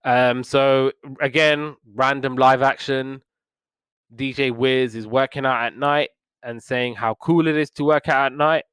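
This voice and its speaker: A man's voice: mid-range voice, steady tone, measured pace, fairly bright tone, clear, resonant tone, dry recording. A man hosting a podcast, casually retelling cartoon episodes in a rambling way with lots of fillers and restarts. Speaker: podcast host reviewing old cartoons. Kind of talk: casual review chat.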